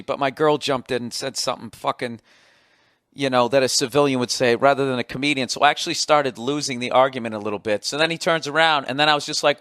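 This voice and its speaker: A man in his forties with a Boston accent tells a story in an exasperated, profane rant, his voice pitched slightly high. He keeps jumping into loud outbursts. The recording is close and completely dry. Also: fairly quick, no echo. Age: 40s. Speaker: podcast host. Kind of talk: ranting comic monologue.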